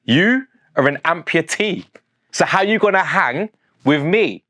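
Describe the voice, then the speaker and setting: A man's voice: fairly high pitch, animated, measured pace, pushed and bright, no room sound, clean studio sound. A man from St Albans with a southern English accent, casually breaking down his own rap lyrics, chatty and full of slang, laughing at his own jokes. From St Albans, England. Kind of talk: casual explanation.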